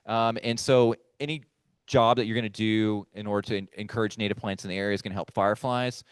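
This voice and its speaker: A man's voice: on the low side, steady tone, fast talker, clear, resonant tone, no echo. A man giving a casual, conversational lecture to a live audience and speaking to them directly. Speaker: firefly researcher giving a talk. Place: meeting room with a live audience.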